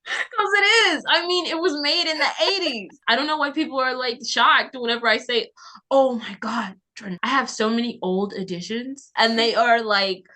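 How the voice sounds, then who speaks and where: Young female podcast host, teasing and giggly, a bit higher-pitched. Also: moderate pace, pushed and bright. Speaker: podcast host, game master. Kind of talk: casual chat.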